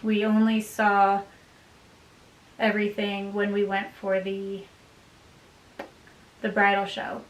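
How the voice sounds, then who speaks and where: An upbeat woman vlogger chats casually at home and laughs easily. Her voice sits at an ordinary pitch and comes from a little way off the mic. The room sounds echoey, with a faint hiss underneath. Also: completely flat delivery, slow, pauses often, distant mic. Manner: chatty and upbeat, laughs often. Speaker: vlogger, bride. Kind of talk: casual chat to camera.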